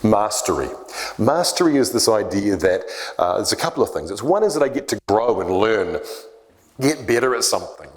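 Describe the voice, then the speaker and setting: Man, church leadership talk, low voice, lively swinging intonation, storyteller. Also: moderate pace. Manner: animated storyteller acting out quoted voices. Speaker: church leader teaching discipleship.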